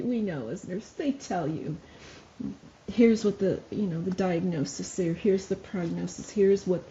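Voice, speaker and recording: A middle-aged woman speaks earnestly on a podcast, often laughing softly through a heavy story. Her voice is of average pitch. The audio is a little muffled, with a faint hiss behind it. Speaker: podcast guest, mother of a wounded soldier. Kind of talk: emotional podcast conversation.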